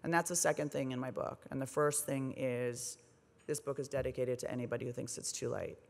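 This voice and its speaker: A woman in her forties giving a comedic speech at a gala, wry and self-deprecating, with lively delivery. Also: extremely low pitch, fairly quick, gravelly, long reverb tail. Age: 40s. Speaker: speaker. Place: large hotel ballroom on stage.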